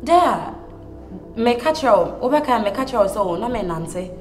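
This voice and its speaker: An actress playing a defiant young daughter who pleads with her father in quick Ghanaian Pidgin and Twi. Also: a little high, animated, darkish tone, roomy sound, faint music behind. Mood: pleading. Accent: Ghanaian, mixing Pidgin and Twi.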